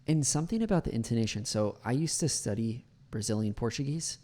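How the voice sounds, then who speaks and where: Speaking at a medium pitch, an English teacher reacts to a video clip and walks through pronunciation at an easy pace, using lots of fillers and sounding out words slowly.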